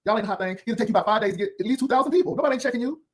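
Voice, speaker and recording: High-pitched, rapid-fire sassy man. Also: expressive. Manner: sassy, cutting, rambling put-downs. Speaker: YouTube commentary host. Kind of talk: unscripted drama commentary.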